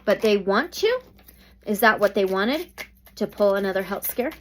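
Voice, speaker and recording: A woman's voice: medium pitch, lively intonation, moderate pace, fairly bright tone, slight background noise. A woman doing a tarot reading, thinking aloud and often exclaiming. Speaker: tarot reader.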